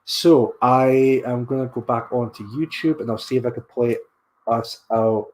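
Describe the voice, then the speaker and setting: A man's voice: medium pitch, fairly even intonation, unhurried, darkish tone. A man hosting a podcast livestream, tired and yawning, rambling and repeating himself as he signs off. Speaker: podcast host. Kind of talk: casual livestream sign-off.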